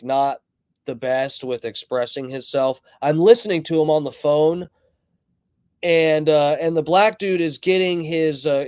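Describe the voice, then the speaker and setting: A man hosting a livestream, telling a story in a rambling, profane, animated way and greeting viewers in chat as he goes. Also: on the high side, no room sound, clean studio sound. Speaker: livestream host.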